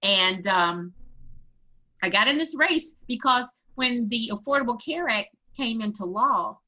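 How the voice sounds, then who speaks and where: A woman's voice: fairly high pitch, animated, a little slow, sharp tone. A woman running for office, telling her story earnestly in an interview, with emphatic repeats. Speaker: political candidate. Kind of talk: interview conversation. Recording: dull lo-fi sound.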